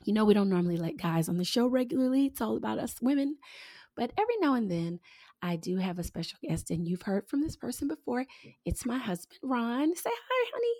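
A woman's voice: a little high, expressive, fairly quick, mellow, soft background music. Playful, teasing woman podcast host. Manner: playful teasing, laughing often. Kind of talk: casual podcast chat.

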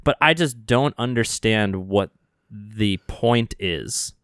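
A man co-hosting a casual podcast chat, talking in an animated, rambling way with frequent restarts. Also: fairly low pitch, slow pace, dry recording, clean studio sound. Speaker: podcast co-host.

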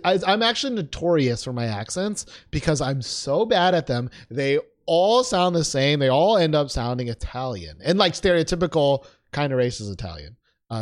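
Joking, laid-back man on a podcast. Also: medium pitch. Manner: joking, self-deprecating, lots of fillers and laughs. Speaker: podcast co-host. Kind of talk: casual podcast chat.

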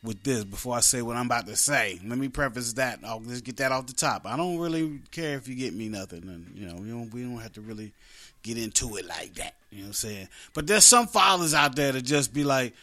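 A man's voice: mid-range voice, a little fast, sharp tone. A man hosting an internet radio show, talking casually in a rambling, joking way and laughing often.

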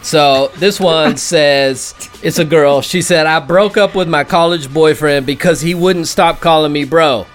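A man's voice: a little high, unhurried, few pauses, faint music behind. A man co-hosting a casual podcast, telling funny breakup stories with a joking, storytelling manner. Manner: jokey storyteller reading out listener stories. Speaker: podcast co-host. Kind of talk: casual chat.

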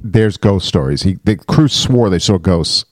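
A man co-hosting a casual movie podcast, lively and quick to drop into quotes and impressions. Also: low voice, no room sound, studio quality. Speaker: podcast co-host. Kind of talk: casual chat about movies.

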